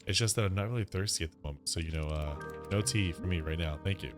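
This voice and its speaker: A man's voice: low voice, quick pace, over music, natural voice. A man voicing a timid customer in a cape who speaks hesitantly and keeps apologizing. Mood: nervous.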